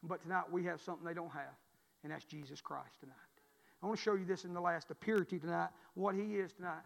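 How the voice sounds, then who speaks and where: A man's voice: fairly high pitch, fairly even intonation, fast, vocal fry. A male pastor preaching a sermon in a folksy, emphatic way, repeating phrases to drive points home, in a church. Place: church sanctuary. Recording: long reverb of a church hall.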